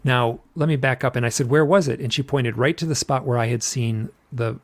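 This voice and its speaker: Man, middle-aged, gravelly, rambling, repeats himself, acts out quotes. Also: medium pitch, steady tone, a little fast. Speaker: podcast guest recounting an experience. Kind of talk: casual storytelling.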